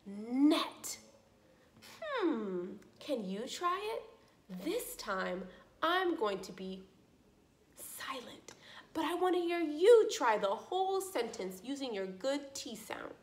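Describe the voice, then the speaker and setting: Woman, high animated voice, encouraging speech lesson for kids, echoey room. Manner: slow, encouraging, drawn-out modeling of sounds. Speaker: speech therapist. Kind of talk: speech practice lesson for children.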